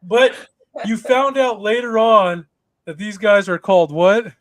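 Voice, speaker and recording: A man with a notably high speaking voice tells a story on a casual podcast. His delivery is animated and full of swearing, and he keeps breaking into laughs as he acts out the people in it. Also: measured pace.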